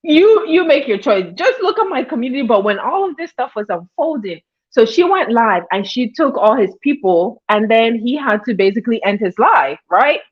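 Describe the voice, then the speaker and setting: A woman's voice: fairly high pitch, sing-song, normal speed, hardly any pauses, husky. A woman hosting a livestream in casual commentary, chatty, greeting viewers by name as she talks. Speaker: livestream host. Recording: dull lo-fi stream audio.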